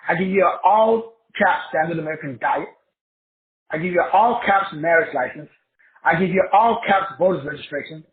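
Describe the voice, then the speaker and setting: A man teaching in a preachy style, spelling words out letter by letter and answering his own questions with emphatic repetition. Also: on the high side. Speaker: self-help teacher. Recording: tinny phone-like sound in an echoey room.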